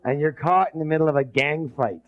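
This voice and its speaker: A man's voice: a little high, a little fast. A man leading a live leadership seminar. He drills the room with call-and-response and often restarts his sentences. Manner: rambling restarts. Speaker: leadership trainer. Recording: dull lo-fi recording.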